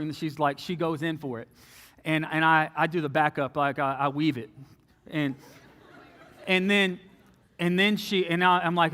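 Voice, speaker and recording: A young man telling a personal story from the front of a church, animated and often dropping low and soft for quoted lines. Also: normal speed, pauses often. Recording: long reverb of a large hall.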